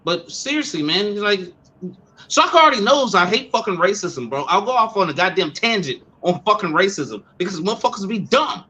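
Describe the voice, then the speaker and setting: A man in a casual online talk, telling a story in a loud, profane and animated way, stumbling over repeated words. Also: high voice, brisk, breathy edge. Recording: dull lo-fi sound.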